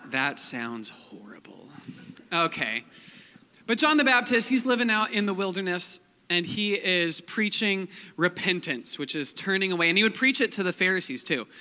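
Casual young preacher in a big hall. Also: male voice, sits high, animated, moderate pace, pushed and bright. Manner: chatty, joking, many fillers like "like" and "um". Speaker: pastor. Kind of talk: casual sermon. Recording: long hall reverb.

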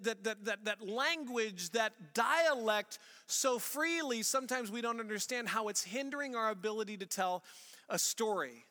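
A man with a St. Louis accent preaches with a high, bright voice that rings out in a big reverberant hall. He talks to the congregation in a relaxed, storytelling way and often restarts his sentences. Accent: St. Louis, Missouri. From Missouri. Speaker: pastor. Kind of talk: sermon.

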